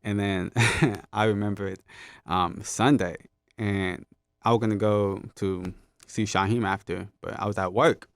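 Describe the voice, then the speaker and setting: A man's voice: lowish voice, fairly even intonation, a little slow, dry recording. A young man telling stories in a casual podcast interview, laid-back, laughing often and acting out what others said. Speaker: podcast guest. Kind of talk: casual storytelling.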